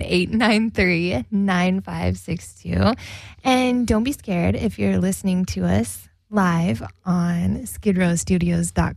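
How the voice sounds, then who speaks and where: A woman's voice: mid-range voice, gravelly, darkish tone, no room sound. Woman radio host, casual banter, giggly, dry studio mic. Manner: giggly, chatty, quick bursts.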